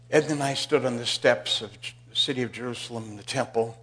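A male pastor preaching a sermon in a church, telling a Bible story and swinging from loud emphasis to hushed asides. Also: mid-range voice, quick pace.

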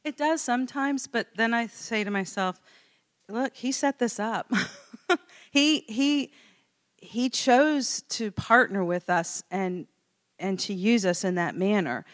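A middle-aged woman telling a personal story in a casual interview, animated and laughing often. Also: mid-range voice, measured pace.

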